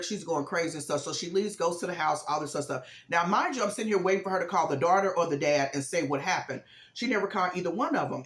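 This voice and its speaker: A woman's voice: on the low side, roomy sound. A woman in a casual vlog, telling a movie plot in a chatty way, full of fillers and acted-out lines. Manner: chatty, acts out characters' lines with emphasis; frequent fillers like "um" and "this, this, and that". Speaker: vlogger recapping a movie. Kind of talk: casual storytelling recap.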